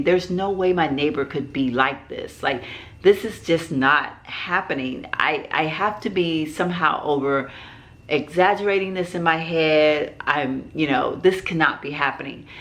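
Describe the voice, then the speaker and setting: A woman's voice: low-pitched, a bit bright. A middle-aged woman vlogger telling a personal story in a rambling way, with many fillers and restarts.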